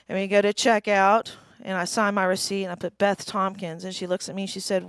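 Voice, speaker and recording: A woman's voice: mid-range voice, little pitch movement, quick pace, few pauses, clear, resonant tone, no room sound. A woman in her forties performing a stand-up comedy set, wry and self-deprecating, often laughing at her own jokes. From East Tennessee. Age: 40s. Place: small live comedy venue.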